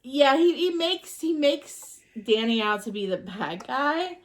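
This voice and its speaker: Slow, halting woman podcast co-host. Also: high-pitched, expressive. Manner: rambling and halting, full of ums. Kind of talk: casual chat recapping a movie.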